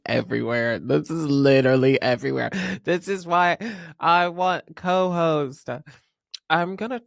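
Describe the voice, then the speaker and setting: A man's voice: a little high, creaky, a bit bright, dry recording, clean studio sound. A man, chatting emotionally and laughing as host of his solo podcast. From North Carolina. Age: 30s. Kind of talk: casual solo podcast chat.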